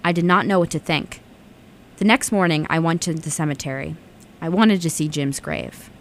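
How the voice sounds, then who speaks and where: A woman's voice: deep voice, moderate pace, a little hiss or hum. A young woman hosting a late-night radio show, chatting casually with "um" fillers and reading a story aloud. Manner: relaxed, chatty, with frequent "um" fillers.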